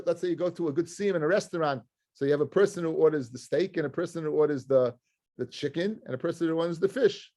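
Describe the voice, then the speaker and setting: A man's voice: fairly high pitch, mellow. A man, a rabbi, teaching a casual Talmud class to listeners in the room. He poses questions and answers them himself, and mixes Hebrew and Aramaic terms into his English. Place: study class with listeners present.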